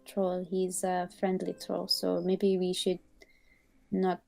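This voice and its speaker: A woman plays in a tabletop game, speaking slowly in a friendly, slightly hesitant way. Her voice is mellow and warm. Faint music sits behind her. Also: on the low side, monotone, vocal fry. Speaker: player. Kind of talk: in-character tabletop role-play.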